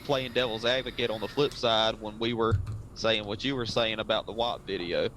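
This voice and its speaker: A man co-hosting a podcast over a video call, making his case in a measured casual chat. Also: lowish voice, steady tone. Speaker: podcast co-host. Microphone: remote video call. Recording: noisy, clicking remote connection.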